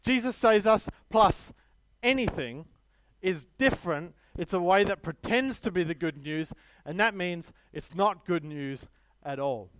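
A man's voice: sits high, animated, unhurried, fairly bright tone, slight background noise. A man preaching a sermon, emphatic, with stories and light self-deprecating humor.

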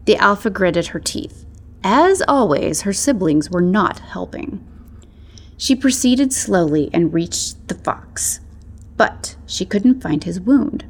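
A woman narrating a storybook tale in a measured, soft-spoken way. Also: mid-range voice, lively intonation.

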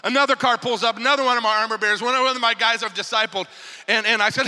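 A man preaches to his church in a high, very bright voice, and the sound carries a long reverb as if from a large church hall. He tells stories with lively energy, jumping from shouted exhortations to hushed, confiding asides. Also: quick pace. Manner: storytelling preacher, swinging from shouts to quiet asides. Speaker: pastor. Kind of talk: sermon.

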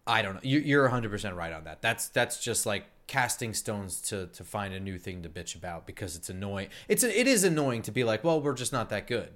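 A man's voice: lowish voice, sing-song, brisk, hardly any pauses, a bit bright. A man co-hosting a casual sports podcast, talking frankly and bluntly with a wry edge. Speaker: podcast co-host.

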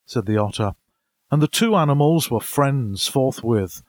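A man reading a children's story aloud in a measured, expressive way. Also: medium pitch, no room sound. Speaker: audiobook reader. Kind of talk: storybook narration.

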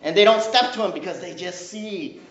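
A man's voice: high voice, normal speed. A male pastor preaching a sermon in a conversational, playful way, often checking in with "right?". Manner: conversational, animated, keeps asking "right?"; playful, jokes with the congregation. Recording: echoey room, dull lo-fi sound.

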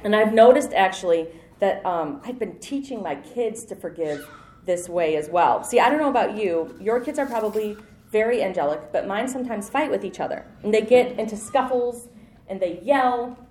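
A woman's voice: medium pitch, expressive, moderate pace, darkish tone, reverberant. A woman in her thirties preaching a sermon in a conversational, self-deprecating way, with light laughs.

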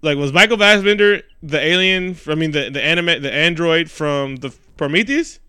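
Man co-host, bright crisp voice, dry close mic, swears freely in a loose movie recap. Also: on the high side, normal speed, no room sound. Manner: animated, swears heavily, acts out scenes. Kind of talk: casual profane movie recap.

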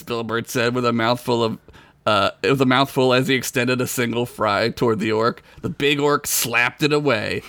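A man's voice: medium pitch, fairly even intonation, normal speed, a bit bright, dry recording. A man reading a crude comic story aloud as podcast host, laughing often.

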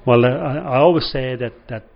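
A man's voice: medium pitch, a little fast, vocal fry, muffled recording. An older Irish man, a former footballer, telling rambling anecdotes in an interview with lots of "you know". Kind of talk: storytelling interview.

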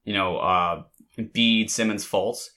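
A man's voice: lowish voice, fairly even intonation, takes it slowly, sharp tone. A man in casual conversation, telling an emotional, rambling story with many restarts. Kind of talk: casual chat.

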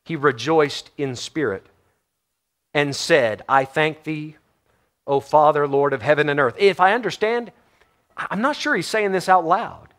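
A man preaching a sermon, shifting between emphatic stresses and hushed low phrases, reading scripture aloud. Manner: reads scripture in old-fashioned wording. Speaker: pastor.

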